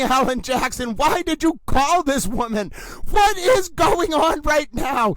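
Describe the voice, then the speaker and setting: Man, very high voice, live reaction host, theatrical, boxing-announcer shouting, dry close sound. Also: dry recording. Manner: theatrical, over-the-top exclamations; repeats catchphrases, addresses viewers directly. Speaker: host, trial commentator.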